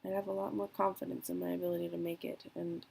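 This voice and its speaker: Husky, low-toned young woman vlogging. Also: flat delivery, mellow, poor audio. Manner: candid, emotional, trailing pauses. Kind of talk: personal confessional vlog.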